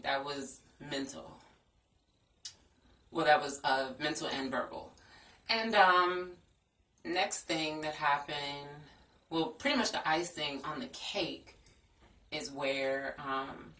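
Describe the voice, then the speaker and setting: In a frank, earnest storytime vlog, a young woman shares a personal story. Her voice is a rumbling low one with a bit of brightness, recorded in an echoey room at a distance from the mic.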